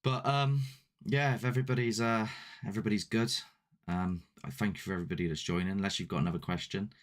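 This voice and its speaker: A man's voice: lowish voice, fairly even intonation, fast talker. A man hosting a paranormal channel, chatting casually and a bit ramblingly with his live-stream viewers. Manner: chatty, rambling, self-deprecating. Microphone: desk mic with ring light.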